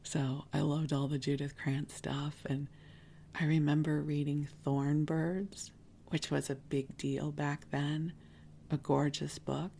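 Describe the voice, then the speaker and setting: A woman in her fifties from the Chicago area, hosting a sleep podcast and reminiscing softly in a whispered bedtime storytelling voice, close to the microphone. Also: deep voice, level tone, gravelly, slight background noise. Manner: soft, unhurried reminiscing with gentle laughs.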